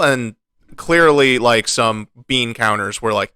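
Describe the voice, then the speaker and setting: Bright, crisp-voiced man ranting. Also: medium pitch, normal speed, no echo. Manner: frustrated, animated ranting with many restarts. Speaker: podcast co-host. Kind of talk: casual podcast chat.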